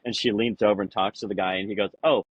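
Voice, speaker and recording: A man in a casual podcast conversation, rambling through anecdotes with lots of "you know" and acting out quoted lines in a higher voice. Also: steady tone, fast talker, husky, no room sound, muffled recording. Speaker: podcast guest.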